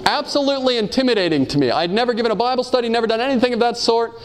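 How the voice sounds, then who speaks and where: A man with an unusually high-pitched voice delivers a sermon. He talks earnestly, asks his listeners question after question, reads quotations aloud and drifts into personal stories. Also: racing. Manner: earnest, asks the audience many rhetorical questions. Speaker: preacher.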